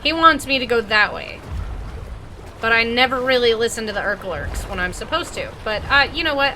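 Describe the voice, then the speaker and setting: A woman's voice: fairly high pitch, animated, a little fast, background noise. A woman gamer giving rambling, joking commentary while playing a horror game.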